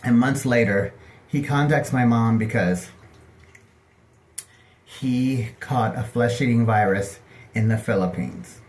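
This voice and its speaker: Casting: middle-aged man, mid-pitched, gossipy storyteller voicing everyone's lines, casual bathtub monologue. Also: slow, long pauses. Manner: chatty, gossipy, animated, acting out other people's lines. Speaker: vlogger telling personal stories. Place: home bathtub.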